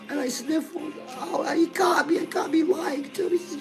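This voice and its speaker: Here a middle-aged woman plays the gushing, talkative host of a comedy fitness and lifestyle program, forever addressing the viewer as "girl." Her voice is high and her pace ordinary. Music plays underneath, and the recording quality is low.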